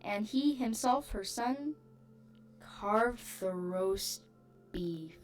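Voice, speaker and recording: A woman's voice: mid-range voice, expressive, drawn-out words, soft background music. A woman hosting her channel, reading a rhyming online post aloud with amused, giggly asides.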